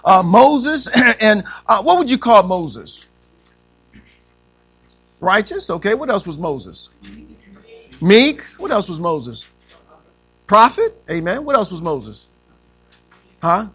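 A man's voice: high voice, big pitch swings, slow, pauses often, fairly bright tone, breathy edge. A man teaching a church Bible class, quizzing the group and saying amen after nearly every point, with frequent chuckles. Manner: says amen constantly, asks the class questions; chuckles often.

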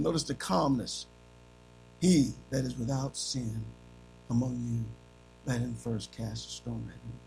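A gravelly-voiced male preacher delivers a sermon. He climbs to shouted, high-pitched peaks, then drops to soft, hushed phrases. Faint music plays underneath. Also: steady tone, measured pace, long pauses, poor audio. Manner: swings between shouting and soft, dramatic delivery.

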